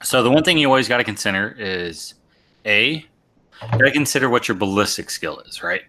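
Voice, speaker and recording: A man's voice: medium pitch, animated, a little fast, sharp tone. A man hosting a casual live show about tabletop wargaming, explaining tactics step by step and often repeating his words.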